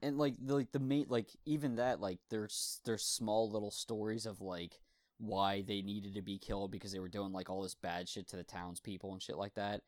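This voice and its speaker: A man's voice: on the low side, fairly even intonation, moderate pace, a little mellow, no echo, clean studio sound. A man in casual chat about a video game, rambling loosely and swearing freely.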